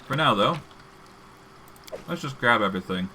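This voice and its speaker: A man's voice: medium pitch, animated, normal speed, sharp tone, a little hiss or hum. A man streaming a narrative game, chatting casually and laughing often as he reads and comments.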